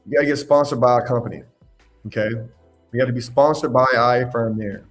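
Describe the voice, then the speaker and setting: A man's voice: mid-range voice, fast talker, soft background music. A man hosting a live question-and-answer stream, giving blunt, emphatic advice and scolding his viewers. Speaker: host answering live questions on insurance adjusting.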